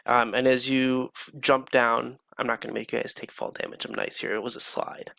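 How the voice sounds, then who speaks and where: Gravelly bright-voiced male game master. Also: mid-range voice, a little fast, dry recording. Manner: relaxed, casual descriptions with many fillers. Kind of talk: narrating a tabletop game.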